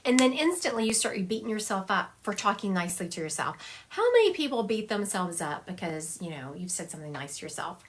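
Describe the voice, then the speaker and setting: A woman's voice: fairly low pitch, expressive, a little fast. Give me a chatty woman psychic medium doing a livestream reading on her phone. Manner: chatty, laughs often, acts out spirits' lines.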